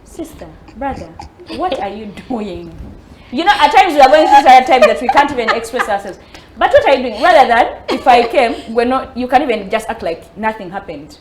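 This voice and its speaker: A Ugandan woman panelist in casual chat, animated and laughing often, switching between English and Luganda. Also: fairly high pitch, brisk, a little hiss or hum. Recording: echoey room.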